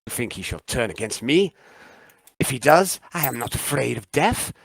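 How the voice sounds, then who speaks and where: A man's voice: mid-range voice, sing-song, normal speed, gravelly, breathy edge, no room sound, exaggerated voice. A man voicing a proud old male warrior who is defiant and unafraid of death, speaking in a solemn, grave way.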